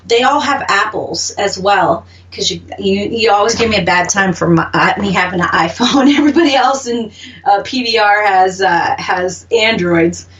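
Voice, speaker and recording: A woman's voice: medium pitch, moderate pace, fairly bright tone, distant mic, highs cut off. A woman with an Oklahoma accent co-hosting a radio show, chatting casually and laughing often. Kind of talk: casual chat.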